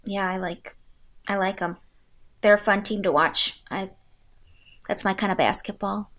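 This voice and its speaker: A woman's voice: medium pitch, steady tone, unhurried, fairly bright tone. A young woman co-hosting a casual podcast, agreeing often and adding laughing asides about sports. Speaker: podcast co-host.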